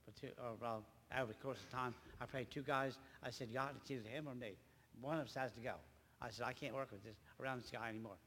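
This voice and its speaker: A man's voice: medium pitch, steady tone, a bit bright, a little hiss or hum. Older guy preaching in church, stumbly and repeating himself, long echo in the hall. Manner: rambling, halting, repeats words. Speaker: lay preacher. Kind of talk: church testimony sermon.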